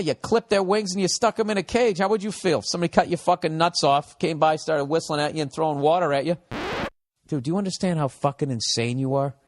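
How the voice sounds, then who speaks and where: A man's voice: fairly high pitch, slight background noise. A man, hosting a comedy podcast with a profane, sarcastic rant that slips into mocking voices. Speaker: podcast host.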